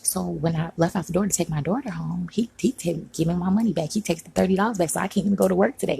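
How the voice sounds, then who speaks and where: A woman venting in an upset vlog, talking agitatedly and sometimes dropping to a hush, recorded at home on a phone. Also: fairly low pitch, fast, creaky, hardly any pauses, a little hiss or hum, poor audio. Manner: agitated, venting, frequent "like" and "you know". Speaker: vlogger. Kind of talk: upset personal vlog rant. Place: home room.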